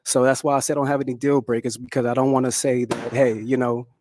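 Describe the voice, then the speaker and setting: New man, mid pitch, dry close sound, relaxed dating show contestant. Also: quick pace, no echo. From New Orleans. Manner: laid-back, adds "right?" and "okay?" often. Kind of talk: casual dating show answers.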